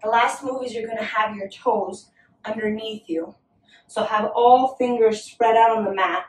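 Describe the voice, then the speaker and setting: Encouraging yoga teacher, echoey room. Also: female voice, fairly high pitch, steady tone, normal speed. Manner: gentle, encouraging cues. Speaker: yoga instructor. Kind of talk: guided yoga class with a toddler. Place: home room. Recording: echoey room, mic at a distance.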